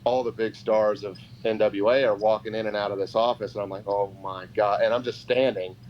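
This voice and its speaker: A man's voice: on the low side, fairly quick. A man, a guest on a podcast, telling a story casually and acting out the other people in it. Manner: animated, acts out quoted voices. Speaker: podcast guest, pro wrestler. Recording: dull lo-fi podcast audio with faint noise.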